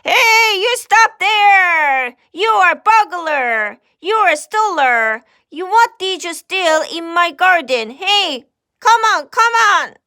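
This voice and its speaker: Lady doing a cranky old farmer guy yelling at a thief, high and loud, dry close sound, korean-speaking reader. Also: animated, takes it slowly, dry recording, full character voice. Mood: angry shouting. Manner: shouting, scolding. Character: angry old male farmer chasing a thief.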